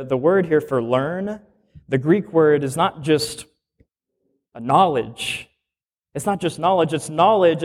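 A man, a minister, teaching a conversational sermon and often asking rhetorical questions. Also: a little high.

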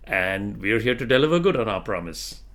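Lower-voiced relaxed male co-host. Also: moderate pace. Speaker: podcast co-host. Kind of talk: casual podcast banter.

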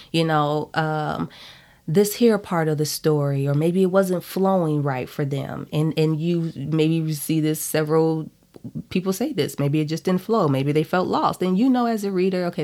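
Brief: woman podcaster, low-ish voice, candid and emphatic, casual monologue. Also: darkish tone. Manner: frank and emphatic, punctuates points with "okay?". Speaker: author and podcast host.

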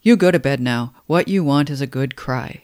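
A man's voice: mid-range voice, moderate pace, darkish tone, no echo, studio quality, natural voice. A man reading the lines of a boorish, self-pitying husband in a plain, slightly raised voice. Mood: coaxing.

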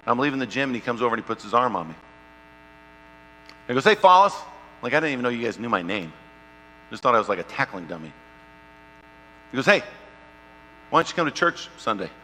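A male pastor preaching with a bright, forceful voice. His storytelling swings from loud bursts to hushed, slow passages. The sound carries a long reverb, with a faint mains hum underneath. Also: medium pitch, expressive. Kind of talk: sermon with personal story.

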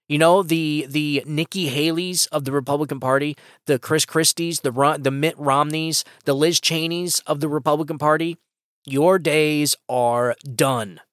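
A man's voice: fairly high pitch, a bit bright, no room sound. A man with a slightly raised voice delivers a solo political opinion monologue on his podcast. He talks with emphatic, impassioned drive and keeps restarting his sentences as he goes. The sound is dry and close on a podcast mic. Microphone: podcast microphone.

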